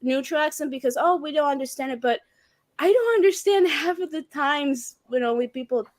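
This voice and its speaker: Chatty high-voiced woman. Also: brisk, no room sound. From not from the UK. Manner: chatty, lots of fillers, questioning. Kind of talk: casual chat.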